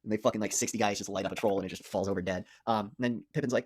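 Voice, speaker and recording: Fast-talking, swearing man recapping a movie. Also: fairly low pitch. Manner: excited scene retelling, swears a lot, throws in quick impressions. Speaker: podcast co-host. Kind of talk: casual movie review chat.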